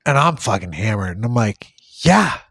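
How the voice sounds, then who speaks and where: A young man, a podcast host, spins a rambling, foul-mouthed story in casual talk, putting on the voices of the people in it. His voice sits fairly high for a man, and the sound is dry and close. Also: lively intonation, moderate pace, no room sound. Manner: swearing, rambling, acts out quoted lines.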